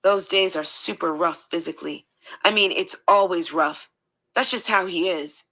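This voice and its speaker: A woman reading a first-person account aloud in a steady, matter-of-fact way. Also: fairly low pitch, normal speed, rough recording. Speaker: reader.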